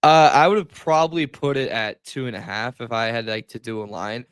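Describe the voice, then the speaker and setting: A man co-hosting a casual sports podcast, talking in a relaxed, analytical way. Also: mid-range voice, brisk, clean tone, no room sound. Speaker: podcast co-host.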